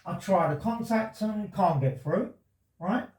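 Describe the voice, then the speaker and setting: Rambling, insistent man, high voice. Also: lively intonation, unhurried, a little mellow. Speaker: resident making a complaint. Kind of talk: conversation with police. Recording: roomy, from far off the mic.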